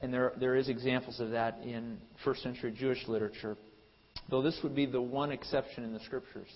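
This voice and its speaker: A male pastor preaching a sermon. His voice builds to loud, emphatic peaks, then drops to quiet asides, with frequent restarts. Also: mid-range voice, flat delivery, a little fast. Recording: long hall reverb, dull lo-fi sound.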